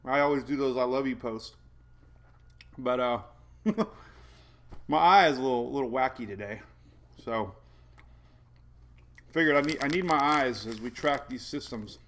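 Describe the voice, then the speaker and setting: A man's voice: mid-range voice, measured pace, pauses often, fairly bright tone. A man hosting a live weather stream from home, chatting casually in a rambling, jokey way. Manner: rambling, jokey, self-deprecating with frequent laughs. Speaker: weather show host.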